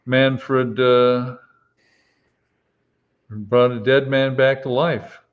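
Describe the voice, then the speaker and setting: A man, a retired police officer, telling a story slowly in casual live-stream chat, pausing often with fillers. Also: medium pitch, steady tone, phone-quality sound. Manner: slow, halting anecdote with many fillers.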